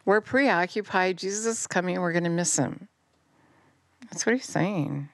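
A woman's voice: expressive, measured pace, creaky, dry recording, studio quality. Fervent scolding woman preacher. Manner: fervent, scolding, rising to near-shouts then dropping low. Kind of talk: impassioned sermon.

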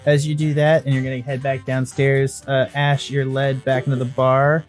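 A man narrating a tabletop game as dungeon master, in a relaxed way with many pauses and fillers. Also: mid-range voice, soft background music.

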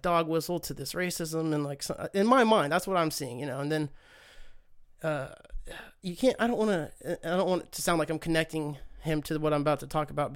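A man's voice: a little high, smooth. A man hosting a podcast alone, rambling through a casual rant with lots of profanity and sarcasm. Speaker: podcast host.

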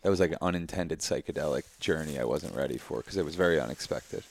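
A man's voice: extremely low pitch, fast, gravelly, slight background noise. A man in a casual, heartfelt conversation who talks emphatically and effusively, swearing freely and speaking in spiritual terms.

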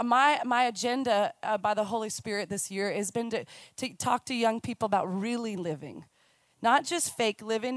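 A woman in her thirties, a youth minister, giving a chatty, animated sermon. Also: a little high, no echo. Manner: chatty, animated storytelling with quick asides. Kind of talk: conversational sermon. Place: church stage.

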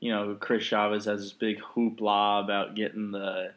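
A man's voice: lowish voice, little pitch movement, moderate pace, a bit bright, a little hiss or hum. A man co-hosting a podcast in casual chat, ranting sarcastically and swearing freely. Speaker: podcast co-host.

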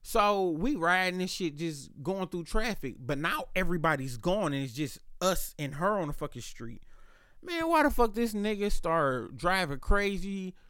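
A man with a slightly high voice tells a casual story on his podcast, animated and full of slang and cursing. The recording is dry and close, with no room sound. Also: clean tone, no room sound. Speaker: podcast host.

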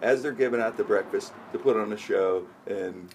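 A man's voice: lowish voice, moderate pace, a little mellow, slight background noise. A male host in casual chat, eagerly prompting his guest with questions. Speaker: podcast host.

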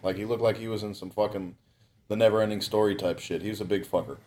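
A man's voice: on the low side, fairly even intonation, fast, darkish tone. A young man telling a long story in a casual, rambling way, swearing constantly and breaking into laughs. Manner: profane, rambling, laughs often.

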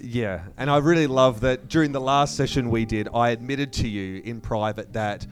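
A man hosting a casual interview, asking quick questions with a dry, self-deprecating humor, with faint guitar music behind. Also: medium pitch. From Australia. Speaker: interviewer, host.

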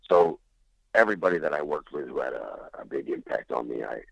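A man imitating an older male comedian friend, speaking earnestly in a slow, hesitant, stammering way. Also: very deep voice, lively intonation, vocal fry, fairly bright tone, husky, no room sound, voice pushed down, full character voice, low-quality recording. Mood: earnest, hushed.

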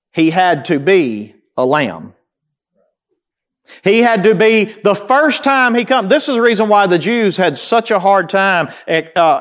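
High-voiced emphatic preacher. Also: male voice. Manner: emphatic, questions the congregation and answers himself. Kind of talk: sermon teaching through scripture.

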